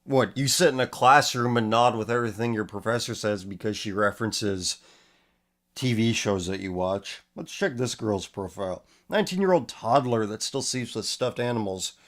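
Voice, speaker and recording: A man's voice: on the low side, normal speed. A man hosting a casual commentary show, reading posts aloud and mocking them with sarcastic, profane remarks; he is losing his voice. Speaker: host.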